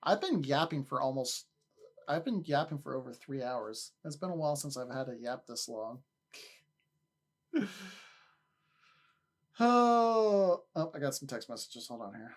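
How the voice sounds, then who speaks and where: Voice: medium pitch, lively intonation, measured pace, pauses often. A livestreamer in casual chat with viewers, rambling, often repeating and restarting words, and laughing easily.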